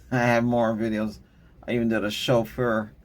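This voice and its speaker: A middle-aged man hosts a tech channel in a casual, rambling vlog chat, often laughing and letting thoughts trail off. His voice sits at medium pitch with a level tone and a moderate pace.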